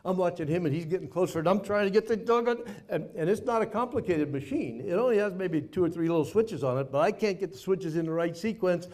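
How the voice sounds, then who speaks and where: A man's voice: high voice, lively intonation, quick pace, few pauses, darkish tone. A man in his seventies from the United States, a former POW telling a dramatic personal story in a vivid, folksy way.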